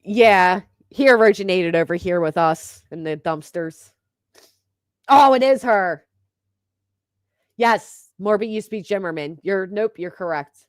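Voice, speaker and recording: A woman's voice: mid-range voice, measured pace, dry recording, clean studio sound. A woman hosting a casual livestream, chatting and gossiping while reading viewer comments aloud, and laughing often. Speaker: livestream host.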